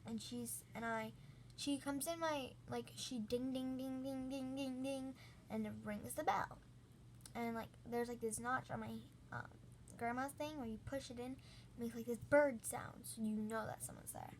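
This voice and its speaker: A woman's voice: a little high, normal speed, slight background noise. A woman hosting a storytime channel, recounting a story in a rambling, casual way with lots of "like". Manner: rambling, heavy use of "like".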